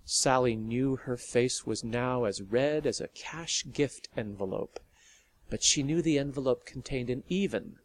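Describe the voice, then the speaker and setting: A man reading a story aloud in a steady, measured narration. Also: medium pitch.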